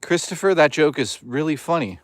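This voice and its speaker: A man's voice: fairly high pitch, lively intonation, moderate pace, dry recording. A man casually chatting and joking with his live chat while out in the woods. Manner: joking, loose and teasing with chat. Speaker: streamer. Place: outdoors in the woods.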